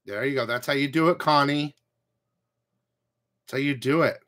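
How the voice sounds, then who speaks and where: A man's voice: medium pitch, moderate pace, fairly bright tone. A man hosting a comic book channel, ranting casually to his viewers, blunt and profane, with rambling asides.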